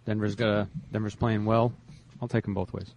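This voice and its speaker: This man has a somewhat low voice and sits on a casual football picks panel. He is playful and likes to needle the other panelists as he makes his calls. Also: flat delivery, a little fast, a little mellow. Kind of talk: casual sports panel chat.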